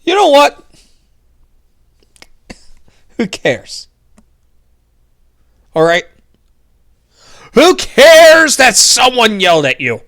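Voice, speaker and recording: A man's voice: high-pitched, fairly bright tone. Young male host, casual political rant, sarcastic, mocking, loose and rambling.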